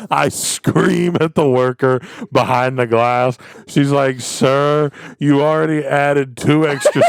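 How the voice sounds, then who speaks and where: Young male co-host, slow gravelly delivery, absurd comic riffs. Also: a little high, no room sound. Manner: riffing absurd bits, laughing often. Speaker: podcast co-host. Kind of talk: casual comedic chat.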